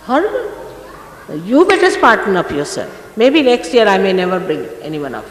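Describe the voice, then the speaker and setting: A woman's voice: medium pitch, wildly swooping pitch, fairly quick. An older woman speaks as a spiritual teacher, scolding and urging her listeners with pointed rhetorical questions. Her voice rings through a large, echoey hall with a long reverb tail. A faint hiss runs under this old archive recording. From India. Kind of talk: informal spiritual talk to followers.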